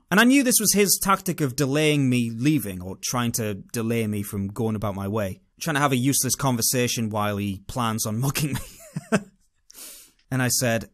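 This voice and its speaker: A man's voice: medium pitch, lively intonation, moderate pace, a bit bright. A man with a British accent telling a first-person travel story in a dramatic, wry way.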